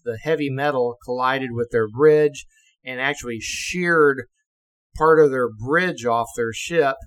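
A man's voice: mid-range voice, poor audio. Older man, retired navy officer, casual storyteller who swears and laughs. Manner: lively, acts out quotes, swears and laughs.

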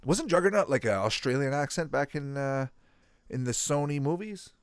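Male reaction host, lively rising and falling voice, dry close sound, excitable, chats to viewers. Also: mid-range voice, clear, resonant tone, dry recording. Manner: excitable, thinking aloud, quick reactions; asks the viewers questions. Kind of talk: casual live commentary while watching a video.

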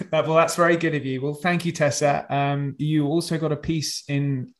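A man's voice: fairly high pitch, steady tone, moderate pace. A man hosting a podcast interview over a video call, polite and a little hesitant. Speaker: podcast host.

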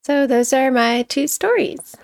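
A woman tells funny stories among friends in loose, profane chat. She laughs often and acts out the people she quotes. Her voice sits a little high and sounds dry and close to the mic. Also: expressive, a little slow, vocal fry, darkish tone, dry recording. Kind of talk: casual storytelling chat.

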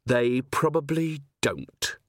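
A man's voice: medium pitch, animated, slow, no room sound. A man voicing a weary, blunt male watch commander who talks in a dry, clipped way. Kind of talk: audiobook character voice.

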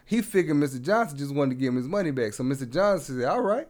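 Man, high voice, big swings in pitch, animated joke-teller who voices his characters, laughing podcast co-host. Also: fast talker, few pauses. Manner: animated storyteller, acts out the characters' lines, laughs often. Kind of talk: casual joke-telling chat.

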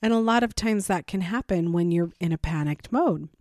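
Woman vlogger, low register, candid storyteller, dry close recording. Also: moderate pace, a little mellow, dry recording. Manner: candid, chatty, acts out conversations. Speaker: parent vlogger. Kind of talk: casual personal storytelling.

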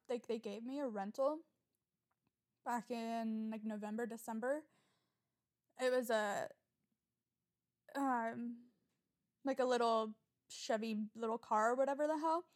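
A young woman rambles through a solo podcast episode with a fairly high voice. She swears casually and gets easily riled up, her delivery animated and chatty. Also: unhurried, long pauses. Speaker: podcast host.

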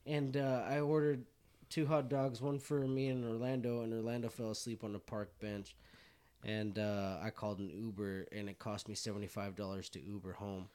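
A man's voice: fairly low pitch, flat delivery, moderate pace, a little mellow, clear, resonant tone. A man casually telling a rowdy story to friends, swearing and laughing as he goes.

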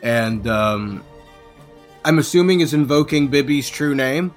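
A man talks through his turn at a tabletop game in a mid-pitched voice, casual and cursing freely. Faint music plays behind him. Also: animated, measured pace. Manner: casual, profane, explaining rules. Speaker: player.

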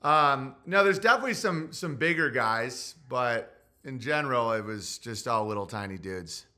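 A man's voice: medium pitch, lively intonation, moderate pace, pushed and bright. A man hosting a podcast, riffing through rambling, profane comedic commentary. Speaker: podcast host.

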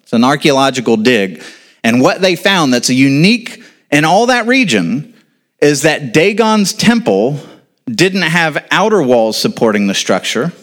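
A man's voice: fairly high pitch, sing-song, a little slow, a bit bright. A male pastor preaching to a congregation in a casual style, quizzing his listeners and then answering his own questions. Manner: asks the audience questions, then answers them; informal, with casual asides. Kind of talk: sermon.

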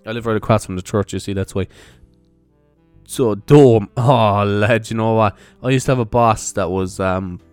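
A man's voice: fairly low pitch, normal speed, a little mellow, clean tone, dry recording. A young man, a comedian, hosting his own podcast in a rambling, laid-back style, swearing freely and laughing at his own jokes. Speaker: podcast host. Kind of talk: casual solo podcast chat. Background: faint music and church bells.

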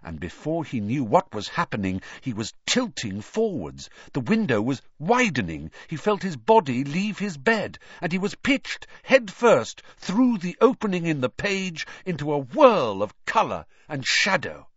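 A man narrating a storybook in an expressive reading style. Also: on the high side, a little slow, hardly any pauses, slightly rough, no room sound. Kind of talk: audiobook narration. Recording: dull, dry recording.

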